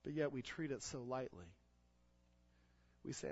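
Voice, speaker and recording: A man pastor preaching a sermon to his church in an earnest voice that rises to loud exhortation. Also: medium pitch, measured pace, long pauses. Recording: dull lo-fi sound.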